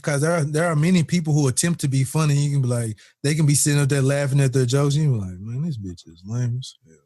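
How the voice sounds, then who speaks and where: A man co-hosting a casual podcast, telling stories with lots of laughter and acted-out quotes. His voice sits a bit high for a man. The sound is dry and close. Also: quick pace, dry recording. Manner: animated storytelling, laughs often, acts out quotes. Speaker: podcast co-host. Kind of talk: casual chat.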